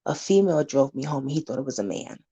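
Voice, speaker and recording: A woman's voice: a bass voice, animated, fast talker, dark tone, slightly rough. A woman community advocate talking casually to camera, blunt and candid, warning her viewers and acting out scenes to make her point.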